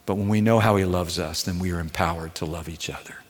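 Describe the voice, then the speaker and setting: Earnest pastor preaching in a reverberant hall. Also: male voice, deep voice, fast talker. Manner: earnest, swings between quiet tenderness and raised intensity. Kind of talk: sermon.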